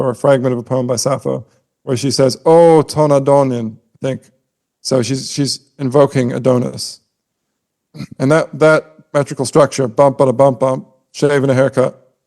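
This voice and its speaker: A podcast co-host with a medium-pitched, dark-toned voice explains poetic meter in a casual yet scholarly way, humming rhythms out loud.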